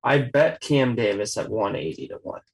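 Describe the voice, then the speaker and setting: A man's voice: lowish voice, normal speed, gravelly, rough recording. A man hosting a casual golf betting chat, rattling off odds and stats. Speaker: golf betting podcast host.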